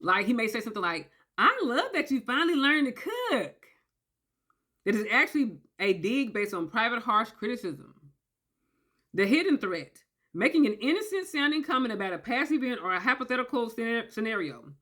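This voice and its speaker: A woman giving a casual explainer, emphatic and animated, often checking in with "okay?" and acting out quoted voices. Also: fairly high pitch, fairly quick. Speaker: commentator on narcissistic abuse. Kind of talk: casual talking-head explainer.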